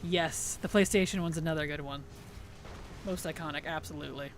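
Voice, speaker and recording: A woman's voice: sits low, a little fast, background noise. A woman streamer in casual livestream chat, thanking subscribers, answering chat and giggling often.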